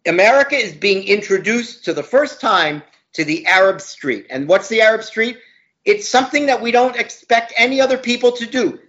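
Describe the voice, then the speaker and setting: A man with a high voice speaks in an emphatic, opinionated manner and hammers his points by repeating words. He is a law professor giving an interview guest's view. The recording is dull and lo-fi. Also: normal speed, fairly bright tone. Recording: dull lo-fi audio.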